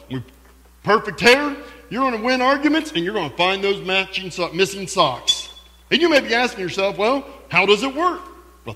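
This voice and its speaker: A loud, hard-selling infomercial announcer, as a man puts him on, pitched high above his everyday voice and pushing every line as a rapid, emphatic pitch. The tone is bright and forceful, and a long reverb of a large hall trails behind each phrase. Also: exaggerated voice. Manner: over-the-top sales pitch, rapid and emphatic.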